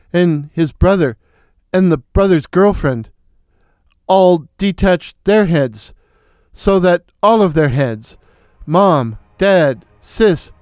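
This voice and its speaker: A man telling an original horror story in a slow, deliberate, theatrical way, as host of his own channel. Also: high voice, a little mellow, no room sound. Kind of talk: dramatic horror story narration.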